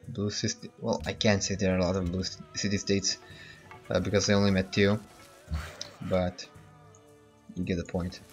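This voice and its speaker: Low-voiced man thinking aloud over gameplay. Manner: thinking aloud, hesitant with many fillers. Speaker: let's play host. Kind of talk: casual gameplay commentary. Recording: muffled lo-fi with game music.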